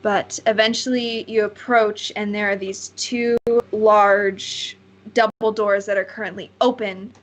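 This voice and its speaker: A woman's voice: medium pitch, a bit bright. Rambling woman game master. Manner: rambling, searching for words. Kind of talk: narrating a tabletop game.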